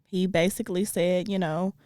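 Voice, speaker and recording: Woman, low-pitched, earnest, thoughtful, casual chat, dry close sound. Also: steady tone, moderate pace, warm tone, no echo. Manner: earnest, thoughtful, gets briefly emotional. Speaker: comedian and co-host. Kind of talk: casual chat about faith.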